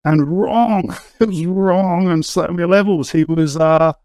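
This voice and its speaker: A high, slightly mellow male voice moves at a measured pace as a middle-aged interviewee tells his story openly and casually. He hesitates and restarts many times, and there's no room sound.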